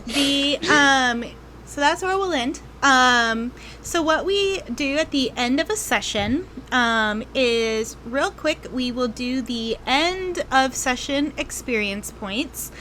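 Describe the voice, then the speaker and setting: A woman game master narrates a tabletop role-playing session in a fairly high voice. She talks slowly, with lots of ums and thinking pauses, and a faint hum sits behind her. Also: animated, bright, forceful tone. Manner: unhurried storytelling with frequent ums and pauses.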